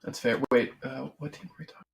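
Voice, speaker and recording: Gaming podcast cohost guy, mid pitch, rambly, lots of i mean and like. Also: fairly even intonation, fast, vocal fry. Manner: rambling, full of fillers like "I mean" and "like". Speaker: podcast co-host. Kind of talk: casual chat about esports.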